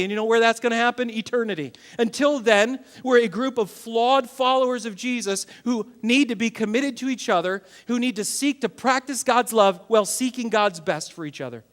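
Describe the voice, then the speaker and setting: Male pastor, 30s, high-pitched, animated sermon delivery with big dynamic swings. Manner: animated, swings from loud to quiet.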